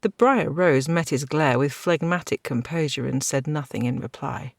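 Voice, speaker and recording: A woman narrating a fantasy audiobook with a steady, dramatic reading. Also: low-pitched, moderate pace, vocal fry, dry recording, clean studio sound.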